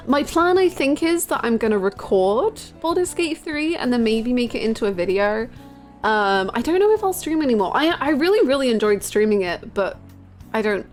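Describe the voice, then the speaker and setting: A woman streamer chatting casually and rambling, giggling as she gushes over a game character. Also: medium pitch. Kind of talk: casual live-stream chat.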